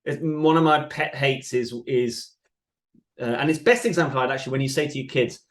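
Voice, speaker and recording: A man's voice: mid-range voice, fairly even intonation, fairly quick. Man guesting on a podcast, middle voice, reflective and chatty. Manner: reflective, sometimes mimics voices while making a point. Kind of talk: casual podcast interview.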